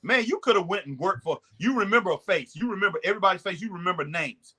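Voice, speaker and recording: Male host, casual chat, bright edgy tone, slightly high pitch, loose and repetitive. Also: animated, fast, husky. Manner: chatty, repeats himself, drops into mimicking voices. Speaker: show host.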